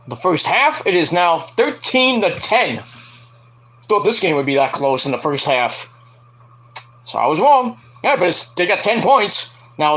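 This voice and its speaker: Male podcast host, rambling and jokey, high voice that jumps all over. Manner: rambling and jokey, with loud outbursts. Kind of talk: casual live-watch podcast chat.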